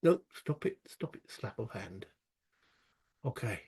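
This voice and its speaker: A man's voice: lowish voice, expressive, slow pace, vocal fry, a little mellow, breathy edge. A British man narrating a solo tabletop wargame playthrough, chatting and thinking aloud as he goes, with self-mocking asides. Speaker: solo board game player.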